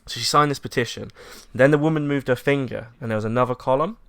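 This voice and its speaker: A young English man in casual podcast chat, animated, acting out the people in his story. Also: medium pitch, quick pace, gravelly. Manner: animated storyteller, acts out quotes, laughs often. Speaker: podcast co-host.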